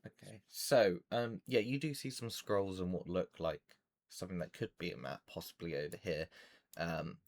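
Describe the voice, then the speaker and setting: A man's voice: deep voice, normal speed. A man narrating as game master for a tabletop game, rambling with many fillers.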